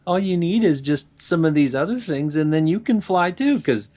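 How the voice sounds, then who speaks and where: A man's voice: a little high, lively intonation, normal speed, a little mellow. A man co-hosting a casual gaming podcast, chiming in with teasing and short affirmations. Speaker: podcast co-host.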